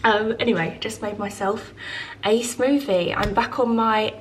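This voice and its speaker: A chatty young woman with a fairly high voice talks to the camera at home, gushing about her plans with plenty of fillers. Faint household noise sits behind her voice, picked up by the camera's mic. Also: a little slow. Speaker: lifestyle vlogger. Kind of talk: casual chat to camera. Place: home with farm animals nearby.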